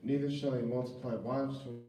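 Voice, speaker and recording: A man reading old-fashioned scripture verses aloud in class, steady and even. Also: medium pitch, a little fast. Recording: echoey room, mic far off, faint background hum.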